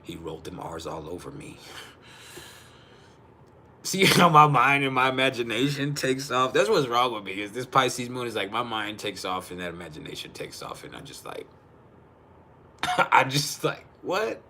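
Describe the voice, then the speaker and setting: A man's voice: medium pitch, expressive, normal speed, sharp tone. A man hosting a casual livestream from home, teasing his viewers with profane jokes and laughing often. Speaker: livestream host. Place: at home, refrigerator behind him.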